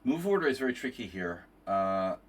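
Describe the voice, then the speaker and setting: A man's voice: fairly low pitch, sing-song, normal speed. A tired man chatting casually on a chess stream, rambling and cursing, with many restarts.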